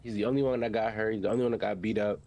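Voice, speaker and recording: A young man hosting an anime podcast, recapping an episode in animated, slangy storytelling full of fillers and restarts. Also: on the low side, racing.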